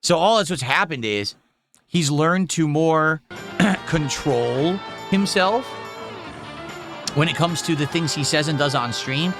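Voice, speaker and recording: A man's voice: fairly high pitch, animated, slow pace, long pauses, over music. A man streaming live, giving casual reaction commentary in an incredulous, exclaiming way.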